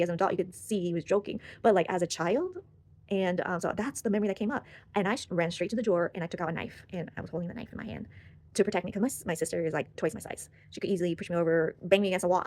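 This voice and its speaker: A woman's voice: fairly low pitch, quick pace, darkish tone. A young woman sharing a personal story in casual, rambling talk full of fillers and restarts, recorded close on the mic. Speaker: channel host.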